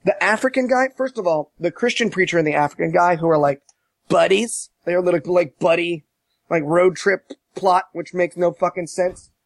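A man casually recapping a movie on a podcast, animated and profane, mocking as he tells it. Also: sits high, normal speed, vocal fry, no echo. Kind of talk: casual chat.

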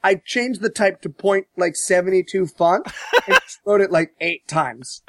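A man's voice: high-pitched, measured pace, no room sound. A man ranting sarcastically and profanely about a movie in a casual podcast chat, acting out quotes. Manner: sarcastic, profane, mocks quotes with shouted voices.

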